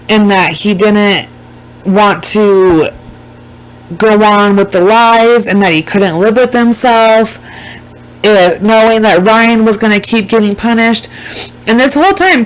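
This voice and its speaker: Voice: medium pitch, low-quality recording. This is a vlogger talking casually straight to the audience. The delivery is loose and rambling, with plenty of swearing and words repeated for emphasis. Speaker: vlogger recapping a documentary. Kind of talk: casual chat.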